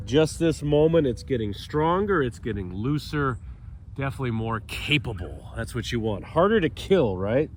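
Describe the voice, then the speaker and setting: Slow-talking fifty-year-old male fitness coach. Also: mid-range voice, a little hiss or hum. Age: 50s. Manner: upbeat, jokey, cues movements while doing them. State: a little stuffy, clears throat often. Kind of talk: guided stretching instruction. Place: outdoors on a mat on grass.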